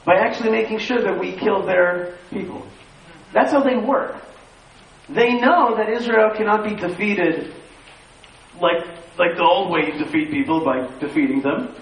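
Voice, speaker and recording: A man telling stories to a live audience, animated, repeating phrases and quizzing the crowd. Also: high voice, normal speed. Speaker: speaker addressing an audience. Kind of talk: lively storytelling talk. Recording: echoey room, far from the mic, faint hiss.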